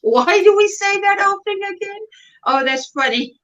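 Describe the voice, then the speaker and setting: A woman's voice: very high-pitched, lively intonation, moderate pace, a bit bright, highs cut off. An older woman with a South African accent, hosting a casual live chat, laughing often and reading viewer comments aloud. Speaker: livestream host.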